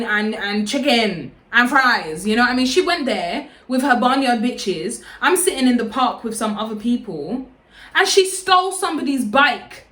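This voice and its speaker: Loud chatty woman, echoey room. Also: fairly high pitch. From London. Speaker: vlogger. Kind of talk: casual storytime.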